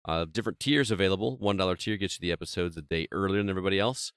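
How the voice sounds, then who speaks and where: A man's voice: low voice, racing, a bit bright, clean tone, no echo, studio quality. A man hosting a gaming podcast, chatty and self-deprecating, laughing often. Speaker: podcast host. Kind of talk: casual podcast chat.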